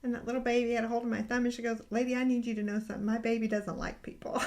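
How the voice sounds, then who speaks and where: A middle-aged woman telling a personal faith story in a casual, earnest way, growing emotional and halting with restarts. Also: on the high side, little pitch movement, darkish tone. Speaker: podcast host sharing a personal faith story.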